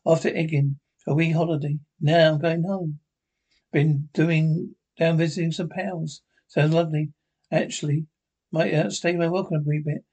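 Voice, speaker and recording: Cheeky old Scottish pensioners trade rapid, sweary banter, the voices sitting a touch high. in a broadcast sitcom with plenty of back-and-forth ribbing. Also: male voice, little pitch movement, darkish tone, breathy edge, dull audio. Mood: bickering. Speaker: sitcom actor.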